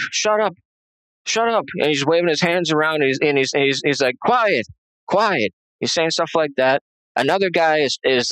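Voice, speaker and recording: Being interviewed, this man tells a tense personal story, agitated and rambling, full of restarts and fillers. His voice sits on the high side and sounds a bit bright, captured in a rough recording without echo.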